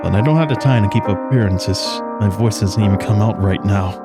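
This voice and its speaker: An anxious, lovesick young student pours out an earnest inner monologue, as a man reads his lines. The voice sits low and stays plain and unforced. Game music plays clearly behind it. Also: fairly quick, close to an everyday voice. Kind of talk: reading game dialogue aloud.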